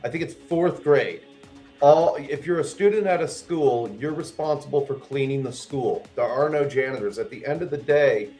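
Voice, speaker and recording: A man's voice: mid-range voice, moderate pace, warm tone. Man explaining in casual chat, faint music. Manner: explains at length, mock-alarmed jokes.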